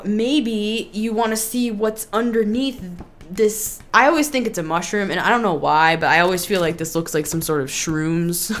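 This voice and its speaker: Young woman reading tarot on camera, talkative and laughing easily, animated delivery. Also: mid-range voice. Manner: chatty and giggly, lively emphasis. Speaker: tarot reader.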